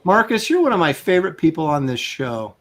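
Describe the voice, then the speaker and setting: Wry middle-aged man with a lively voice. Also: a little high, a little fast. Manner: wry, opinionated, self-mocking. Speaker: co-host of an art show. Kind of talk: casual chat while drawing.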